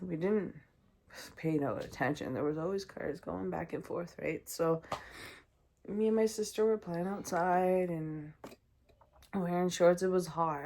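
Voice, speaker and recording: Here a young adult podcast host from Canada shares a personal story, chatting casually with plenty of ums and voices she acts out. She has a lowish, somewhat dark-toned voice.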